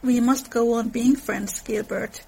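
A woman reading aloud the lines of a flustered young woman turning down a proposal, in her husky voice. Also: fairly high pitch, steady tone, a little slow, darkish tone, full character voice, low-quality recording. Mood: distressed. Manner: read aloud from a novel.

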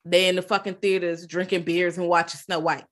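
Animated, profane woman podcast co-host. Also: lowish voice, a little fast. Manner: animated, profane, acts out quotes. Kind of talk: casual chat, retelling a film.

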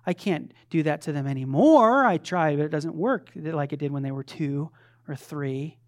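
A man preaching a sermon, moving between loud fervent declarations and soft, conversational asides. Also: a little high, normal speed. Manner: acts out quoted voices of his children playfully. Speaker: pastor.

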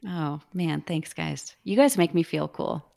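Low husky woman, allergy-roughened. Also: unhurried, a little mellow, no echo, clean studio sound. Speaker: podcast guest, child life specialist. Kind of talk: casual podcast chat.

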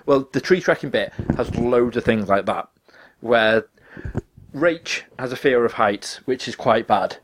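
A man co-hosting a podcast, chatting casually and acting out stories with lively quoted voices. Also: medium pitch, unhurried, background noise. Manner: animated storyteller, acts out quotes loudly. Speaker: podcast co-host. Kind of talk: casual chat.

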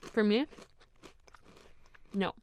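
A woman's voice: very slow, darkish tone, slight background noise. A woman in casual snack-tasting chat, a chatty, playful storyteller.

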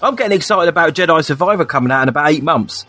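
A young man co-hosting a casual podcast chat, excitable and chatty, calling his friend "mate". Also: on the high side, very fast, soft background music. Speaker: podcast co-host.

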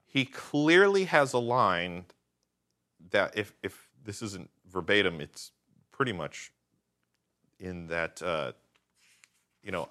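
A man's voice: sits low, lively intonation, slow pace, pauses often, sharp tone. A man co-hosting a podcast, ranting sarcastically about a movie in casual chat. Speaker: podcast co-host. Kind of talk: casual film review chat.

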